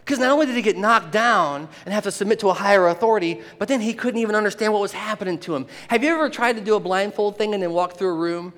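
Man, sermon, animated, laughs often, acts out quotes, slightly high voice, long hall reverb. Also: quick pace, few pauses. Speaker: pastor.

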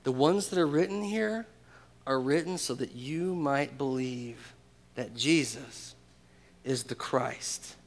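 A man preaching a sermon to his church congregation. He swings between loud, emphatic calls and hushed, intimate asides, and peppers the crowd with rhetorical questions. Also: medium pitch, slow pace. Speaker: pastor.

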